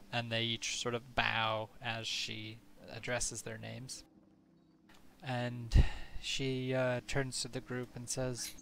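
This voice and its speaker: Slow, gravelly man narrating a tabletop game. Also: medium pitch, slight background noise. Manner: relaxed, many fillers. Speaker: game master.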